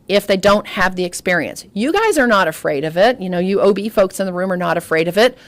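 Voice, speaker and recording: Lively woman giving a medical lecture. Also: medium pitch, no room sound. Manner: lively storytelling with audience asides. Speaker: obstetrics lecturer. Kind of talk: medical grand rounds lecture.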